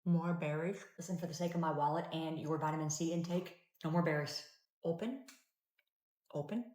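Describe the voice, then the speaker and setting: Calm, low-pitched mom, dry and patient. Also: female voice, fast. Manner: calm, patient, dryly wry. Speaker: parent content creator. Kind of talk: parenting skits and advice.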